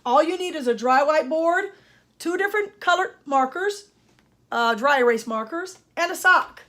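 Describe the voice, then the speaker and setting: An older woman, a speech-language pathologist, gives an emphatic grammar lesson aimed directly at parents and students. Her voice sits high and sounds expressive and fairly bright, at normal speed.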